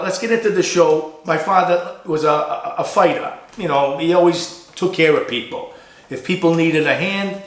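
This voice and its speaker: A man with a Boston accent hosting a casual interview show, chatty and animated. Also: on the high side. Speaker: host. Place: barber shop. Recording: echoey barber shop.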